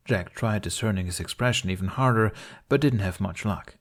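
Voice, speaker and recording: A man with a lowish voice narrates a story chapter in an audiobook style. His delivery is calm and measured. He keeps an even, storytelling pace. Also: creaky, slightly rough. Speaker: fan fiction reader.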